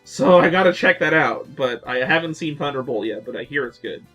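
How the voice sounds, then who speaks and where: A man co-hosting a casual podcast chat, rambling excitedly with lots of fillers and acting out quotes in voices. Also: medium pitch, brisk, faint music behind. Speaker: podcast co-host.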